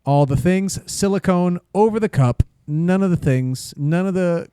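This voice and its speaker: A man's voice: high-pitched, unhurried, warm tone, clean tone, no echo, clean studio sound. A man co-hosting a casual podcast, flustered and rambling through his segments. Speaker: podcast co-host. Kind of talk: casual banter.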